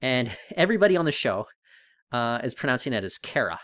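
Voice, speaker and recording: Male co-host, mid pitch, chatty and rambling, dry close sound. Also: sing-song, fast, fairly bright tone, dry recording. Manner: rambling, thinking aloud with many restarts. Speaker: podcast co-host. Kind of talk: casual podcast chat.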